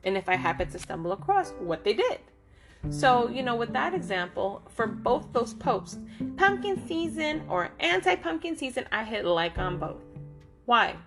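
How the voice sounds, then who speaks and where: A woman with a fairly high voice speaks earnestly to her listeners, giving a motivational talk in a casual, direct way. She keeps checking in with short asides as she goes, and guitar music plays clearly beneath her voice. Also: sing-song, moderate pace. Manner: talks with lots of "okay?" and "right?" check-ins. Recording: guitar music playing behind the voice.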